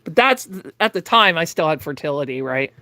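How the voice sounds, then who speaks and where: A middle-aged woman hosting a livestream, telling a story to her chat in a casual, animated way, often laughing and acting out the people in it. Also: low-pitched, fairly quick, vocal fry, dry recording. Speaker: livestream host.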